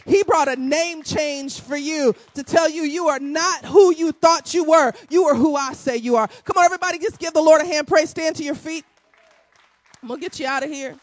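A woman preaching a sermon to a congregation, emphatic and animated, in a casual vernacular style with calls to the crowd. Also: high-pitched, moderate pace, dry recording. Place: church before a congregation.

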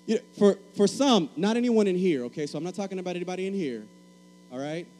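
A man's voice: high-pitched, lively intonation, fast, warm tone, low-quality recording. A man from Puerto Rico preaching a sermon, emphatic and repeating key phrases, calling for answers from the congregation.

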